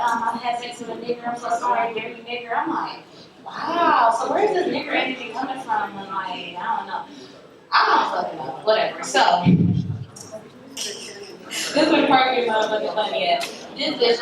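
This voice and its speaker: A woman's voice: a little high, very echoey, distant mic, rough recording. A woman telling a story in a casual storytime chat, blunt and profane, often breaking into laughter.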